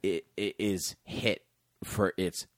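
A man hosting a casual chat, reading aloud from a history book with jokey, animated asides. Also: sits low, slow, no echo, studio quality. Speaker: podcast host.

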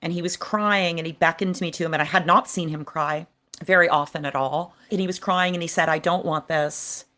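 A woman's voice: on the low side, steady tone, a little fast, pushed and bright. A woman guest author earnestly recounting a personal childhood memory in an interview. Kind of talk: personal storytelling.

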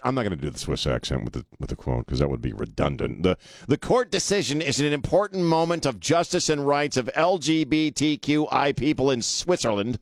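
A man's voice: medium pitch, dry recording, studio quality. A man hosting a talk radio show, delivering a blunt, sarcastic monologue and laughing often. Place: radio studio. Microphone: studio microphone.

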